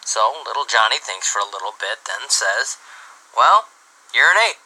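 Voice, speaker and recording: A man reading dirty jokes aloud as an animated storyteller who starts many lines with "well". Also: lowish voice, moderate pace, rough recording.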